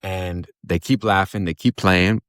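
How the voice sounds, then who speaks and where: A man's voice: deep voice, fairly even intonation, unhurried, fairly bright tone, clean tone, no room sound, clean studio sound. A man from Florida telling his own story in a blunt, profane, streetwise way. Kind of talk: casual spoken storytelling.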